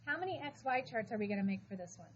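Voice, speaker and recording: A woman teaching math to a high school class, talking briskly and calling students back to attention. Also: animated. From Florida. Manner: brisk, shushing, calls for attention. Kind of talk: classroom lesson. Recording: dull classroom recording with noise.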